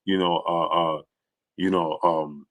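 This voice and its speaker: A man imitating a grown male athlete who mumbles tough talk in a low voice, full of hesitant fillers. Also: little pitch movement, slow, fairly bright tone, heavily acted. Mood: mocking.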